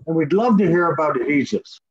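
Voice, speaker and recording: High-voiced man, dull call audio. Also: lively intonation, fast, breathy edge, faint music behind. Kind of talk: casual Q&A on a video call.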